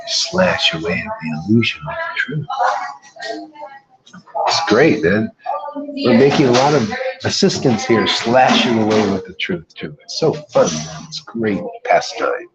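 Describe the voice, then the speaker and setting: A man's voice: fairly low pitch, big pitch swings, a little slow, over loud music, rough recording. A man giving an informal devotional talk as a spiritual teacher, emphatic and colloquial, often calling listeners "man.".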